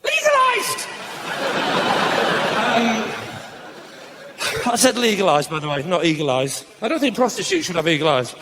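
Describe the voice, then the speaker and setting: A man performs live stand-up, his voice sitting high and his delivery brisk and cheeky, with sudden shouted punchlines. Clear background noise from the live show runs under him. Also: sing-song, a loud crowd. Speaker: stand-up comedian. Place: live comedy stage before an audience.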